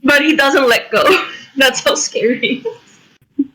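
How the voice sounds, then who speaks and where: Bright-voiced laughing woman player. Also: high voice, a little slow, a little hiss or hum, low-quality recording. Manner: laughing, describes gestures. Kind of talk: casual tabletop role-play.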